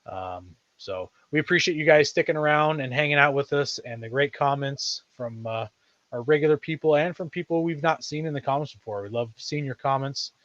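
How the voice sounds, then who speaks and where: A man's voice: fairly high pitch, brisk, a bit bright, no echo. Podcast host guy, rambling casual chat, kinda muffled dry audio.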